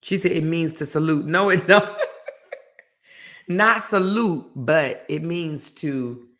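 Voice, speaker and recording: A woman hosting a casual chat show, telling a story with animated energy and reading out viewer comments. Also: deep voice, slow pace. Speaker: host.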